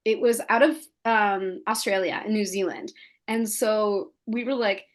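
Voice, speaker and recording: A young woman from the Canadian Maritimes, a podcast guest telling animated stories full of fillers and quoted voices. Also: medium pitch, measured pace. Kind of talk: casual chat.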